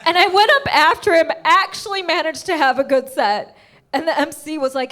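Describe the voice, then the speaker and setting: A woman comedian telling a story on stage in an animated way, with big leaps in pitch on the punchlines. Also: moderate pace. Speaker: stand-up comedian. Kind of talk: stand-up comedy set.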